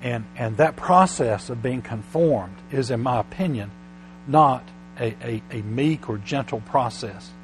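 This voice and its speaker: A man preaching a sermon, often restarting his words, slow and halting at first and then building to loud, emphatic passages. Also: mid-range voice, a little hiss or hum, poor audio.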